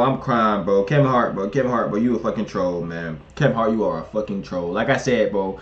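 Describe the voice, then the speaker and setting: A young man hosting a reaction video, laughing and excitable, talking casually with heavy slang. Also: mid-range voice, muffled recording.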